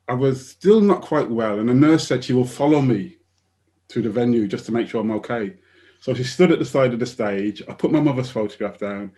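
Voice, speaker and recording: Older man telling stories animatedly. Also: mid-range voice. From United Kingdom. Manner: animated storyteller who acts out quoted voices and laughs often. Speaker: guest author. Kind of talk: storytelling in a conversation.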